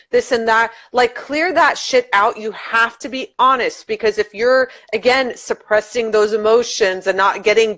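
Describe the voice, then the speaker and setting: A woman's voice: a little high, a bit bright. A woman guest on a casual livestream, giving earnest and frank advice. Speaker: guest reader.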